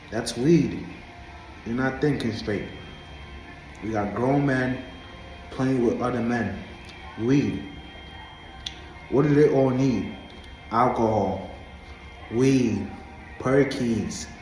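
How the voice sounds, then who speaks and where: A man's voice: medium pitch, a little mellow. Preachy man from Africa, echoey room. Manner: preachy, emphatic, repetitive. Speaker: vlogger. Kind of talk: casual monologue to camera.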